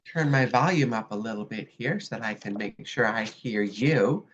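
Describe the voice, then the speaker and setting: A woman life coach giving an upbeat, animated online workshop presentation over a video call. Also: a bass voice, moderate pace, slight background noise. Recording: dull lo-fi video call audio.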